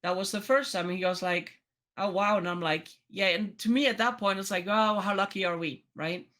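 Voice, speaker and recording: A woman's voice: medium pitch, fairly even intonation, moderate pace, fairly bright tone. A woman co-hosting a podcast, telling a personal story in casual chat with lots of restarts and quoted dialogue. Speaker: podcast co-host.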